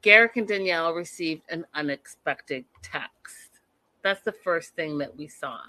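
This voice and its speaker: A woman's voice: low voice, unhurried, bright, forceful tone, dry recording. A woman chatting casually and sassily to her viewers as she recaps a reality show episode. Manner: chatty, sassy, talks to viewers.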